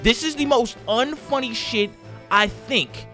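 A man's voice: very high-pitched, unhurried, bright, forceful tone, faint music behind. A young man hosting a comedic meme countdown, ranting with exaggerated, profane outrage.

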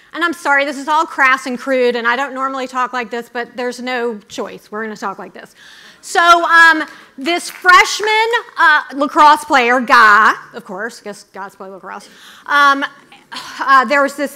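A middle-aged woman giving a chatty, brisk speech to a student audience, full of asides. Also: high voice, sharp tone. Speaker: conference speaker.

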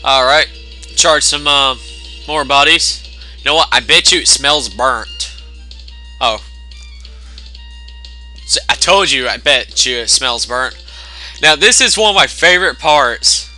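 A man with a mid-range, animated voice and a sharp tone speaks slowly, pausing often, while commenting on the game he's playing. The let's play has game music behind it, and he's jokey and profane, reading the on-screen text aloud in mock voices.

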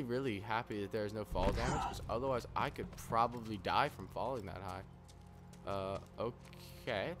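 A man's voice: fairly low pitch, gravelly. Sarcastic man joking over gameplay. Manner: sarcastic, rambling, self-mocking jokes. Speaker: gameplay commentator. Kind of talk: casual let's play commentary. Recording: noisy game audio behind.

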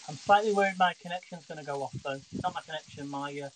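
A man's voice: a little high, quick pace, slight background noise, poor audio. A man hosting a casual live cooking stream from his home kitchen, chatting straight to his viewers. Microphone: phone. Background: frying sizzle.

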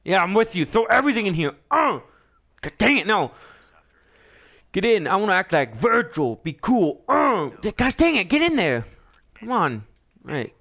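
A man giving let's play commentary, excitable, often shrieking and laughing as he talks to the game. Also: high-pitched, normal speed, long pauses. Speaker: gamer.

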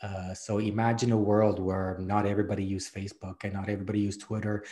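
A man's voice: fairly low pitch, level tone, fast talker, dark tone. A man from Canada, a guest in a casual interview, talking in an easygoing way and laughing often. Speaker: podcast host, guest.

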